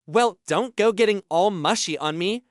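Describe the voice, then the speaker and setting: A man's voice: high voice, normal speed, dry recording, clean studio sound, close to an everyday voice. A man voicing a friendly, confident young village lord who gives orders cheerfully in an audiobook. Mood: joking.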